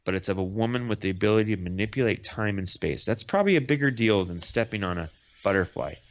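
A man's voice: on the low side, lively intonation, quick pace, lightly acted. A man reading the lines of a sarcastic young woman archer hero, in a dull lo-fi recording. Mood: wry.

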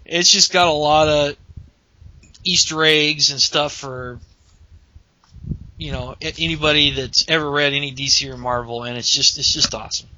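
A man's voice: on the high side, fairly even intonation, normal speed, pushed and bright, slight background noise. A man hosting a podcast, chatting casually and rambling with many restarts over lo-fi call audio. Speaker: podcast host. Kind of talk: casual chat.

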